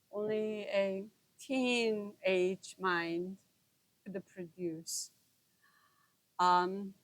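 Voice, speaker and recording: A woman slowly recounting a personal experience in an earnest, intimate way, breaking her sentences into short halting phrases. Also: medium pitch, steady tone, rough recording. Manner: halting, broken into short pauses. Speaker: storyteller sharing a personal experience. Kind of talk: slow reflective personal storytelling.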